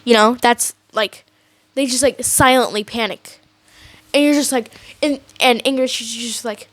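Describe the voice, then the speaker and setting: A woman's voice: on the high side, a little slow, fairly bright tone, dry recording. A teenage girl ranting casually to camera as a vlogger, rambling with many likes and restarts.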